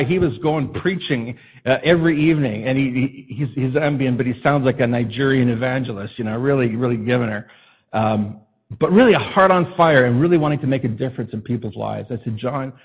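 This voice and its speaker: A male pastor preaching a sermon in an impassioned way that builds to loud, emphatic peaks. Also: mid-range voice, slightly rough, dull audio.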